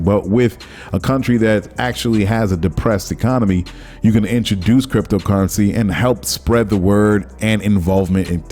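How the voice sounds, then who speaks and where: Low, mellow-voiced man rambling casually. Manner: rambling, conversational, searches for words. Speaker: podcast host. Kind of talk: casual solo commentary.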